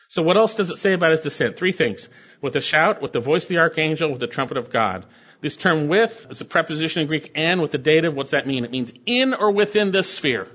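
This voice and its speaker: A man's voice: fairly high pitch, a bit bright, muffled recording. A man preaching an expository sermon, teaching verse by verse in an emphatic way and asking rhetorical questions. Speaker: pastor.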